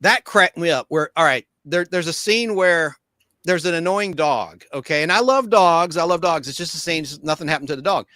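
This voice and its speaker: A man in his forties, a podcast host, telling movie memories in casual chat, animated and acting out the people in his stories. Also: normal speed, dry recording. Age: 40s. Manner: animated storyteller, acts out quotes in squeaky voices.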